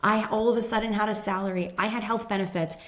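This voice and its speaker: A woman's voice: medium pitch, steady tone, quick pace. A woman guest, a human design expert, telling a personal story in casual conversation and acting out the people she quotes.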